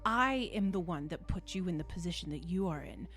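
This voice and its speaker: A woman's voice: fairly low pitch, expressive, fairly quick, a bit bright, faint music behind. A woman voicing a huffy, defensive male noble in a tabletop game. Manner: huffy, indignant.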